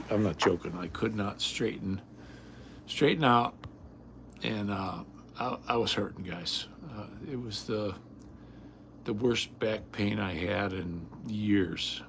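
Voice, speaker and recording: A man's voice: fairly low pitch, creaky, darkish tone, a little hiss or hum. An older man hosting a casual livestream from home, talking bluntly and rambling, often repeating himself. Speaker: livestream host.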